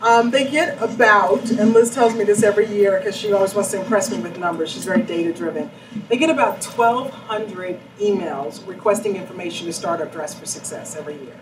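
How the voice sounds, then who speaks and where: A woman, a chief executive, answering questions in a live panel interview with animated storytelling. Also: medium pitch, a little fast. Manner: animated storytelling, acts out quoted voices. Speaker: CEO interviewed on stage. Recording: echoey room, distant mic, noisy.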